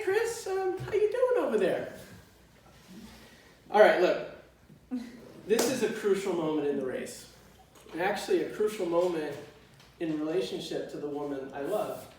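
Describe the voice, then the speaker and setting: A man performing a personal story on stage at a live storytelling show, animated and self-mocking, swearing freely. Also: on the high side, a little hiss or hum. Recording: echoey hall, voice from far off.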